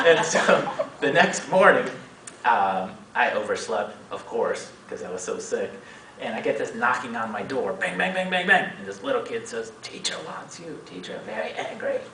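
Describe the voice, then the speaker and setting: A man in his forties telling a personal story to a meeting audience, acting out the other people's lines with sudden pitch jumps. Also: measured pace, background noise. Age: 40s. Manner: animated, acts out quoted voices with big pitch jumps. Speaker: speaker at a meeting. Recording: echoey room, speaker far from mic.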